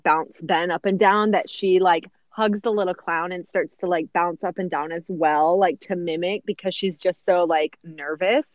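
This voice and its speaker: A woman's voice: on the low side, no echo, highs cut off. A woman in her thirties co-hosting a podcast, chatting casually with lots of fillers and laughter. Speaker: podcast co-host. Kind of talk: casual chat recapping a sitcom episode.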